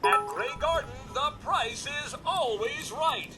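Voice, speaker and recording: High, swooping robot game-show host, slow showy patter, music bed under. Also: male voice, lively intonation, full character voice. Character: cheery male robot butler hosting a game show. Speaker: trader. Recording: game audio with music behind.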